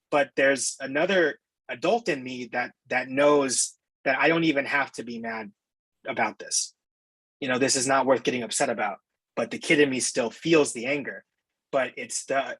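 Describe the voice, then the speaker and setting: A man's voice: mid-range voice, a bit bright, breathy edge, no room sound, rough recording. A man being interviewed as a guest, talking candidly and thoughtfully in a casual way, with the odd swear word.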